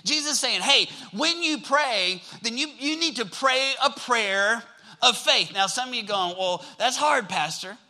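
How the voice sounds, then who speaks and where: High, bright-voiced male pastor preaching. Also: unhurried, poor audio. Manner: energetic, engages the congregation with call-and-response. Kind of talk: sermon.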